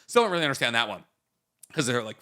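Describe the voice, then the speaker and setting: A man's voice: medium pitch, sing-song, fast talker, bright, forceful tone. A man co-hosting a podcast, trading profane jokes in rambling, casual banter. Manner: joking, profane, rambling riffs. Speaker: podcast co-host.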